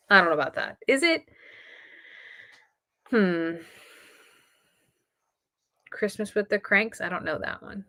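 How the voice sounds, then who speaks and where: A middle-aged woman hosting a casual live stream, chatting excitedly with her viewers. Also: medium pitch, takes it slowly, pauses often.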